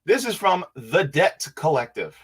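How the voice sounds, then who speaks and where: A man hosting a casual livestream, reading viewer comments aloud and musing on them in a laid-back way with quiet hums. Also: a little high, sing-song, unhurried, husky.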